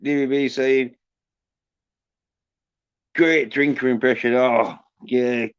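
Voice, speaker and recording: Slow, profane man ranting. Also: medium pitch, steady tone, clear, resonant tone, no room sound. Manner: crude, profane, mocking, reads out chat. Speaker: livestream host. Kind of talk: casual livestream rant. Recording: dull lo-fi stream audio.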